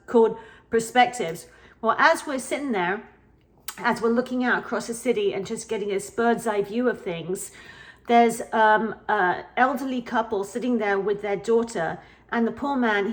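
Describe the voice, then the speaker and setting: A middle-aged woman vlogger telling an earnest personal story in a casual, emphatic way, repeating phrases for emphasis. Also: fairly high pitch. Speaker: spiritual vlogger.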